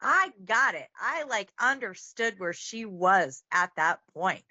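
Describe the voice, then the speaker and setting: A woman's voice: mid-range voice, very animated, slow pace, bright, forceful tone, no room sound, muffled recording. A woman who is a guest on a podcast, earnest and meandering as she talks about a film. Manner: earnest, meandering, many fillers. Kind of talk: casual film discussion.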